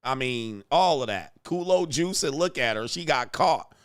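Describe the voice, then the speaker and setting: A man's voice: medium pitch, lively intonation, moderate pace, smooth. A man hosting a reaction show, mocking the clips in crude slang and laughing between remarks. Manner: crude, loose street slang. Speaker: host. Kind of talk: reaction commentary.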